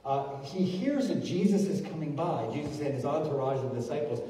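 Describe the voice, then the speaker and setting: A pastor with a fairly high, warm voice preaches briskly in a church sanctuary, telling stories with frequent restarts and acting out the voices he quotes. It was recorded from the pews, so the sound is distant and echoey with a little hiss or hum.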